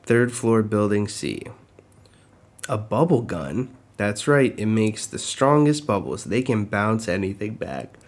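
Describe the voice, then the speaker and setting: A man's voice: fairly low pitch, sing-song, slow. A tired, yawning man hosting a live manga reaction, reading scenes aloud and adding his own asides.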